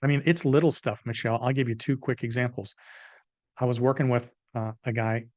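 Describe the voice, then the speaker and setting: A middle-aged man, a business consultant guest, telling animated, emphatic anecdotes in an interview. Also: mid-range voice, fairly quick, dry recording. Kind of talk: interview storytelling.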